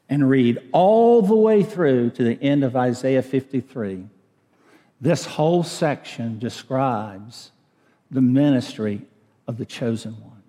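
A man preaching a sermon as pastor, slow and deliberate, rising to emphatic peaks. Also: medium pitch, mellow. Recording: reverberant church hall.

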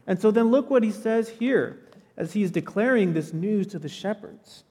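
High-voiced man preaching, casual and animated. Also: normal speed, breathy edge, long reverb tail. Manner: conversational, animated storytelling with casual asides. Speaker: pastor. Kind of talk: sermon. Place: church sanctuary.

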